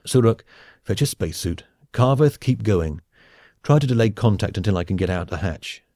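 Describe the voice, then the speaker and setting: A man's voice: fairly low pitch, lively intonation, normal speed, mellow, dry recording, clean studio sound. A man voicing a pompous, blustering male space captain in an audiobook, with a bluff, clipped, commanding manner. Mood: exasperated.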